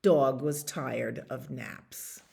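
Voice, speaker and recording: A woman librarian reading a picture book aloud to children in an animated, expressive way. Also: rumbling low, very slow, vocal fry.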